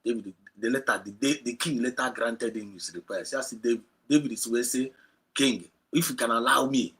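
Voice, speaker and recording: Nigerian man preaching with bright emphasis. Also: medium pitch, normal speed. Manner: mixes Igbo and English, rises to loud emphatic peaks. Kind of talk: sermon retelling a Bible story.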